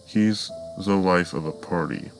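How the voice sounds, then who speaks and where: A man voicing a boisterous middle-aged cartoon father making an eager sales pitch in a fan story. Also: measured pace, soft background music.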